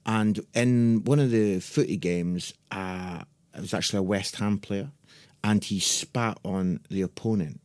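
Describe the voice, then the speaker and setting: A man co-hosting a podcast in casual, jokey chat, full of quick asides. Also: fairly low pitch, darkish tone, dry recording. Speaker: podcast co-host.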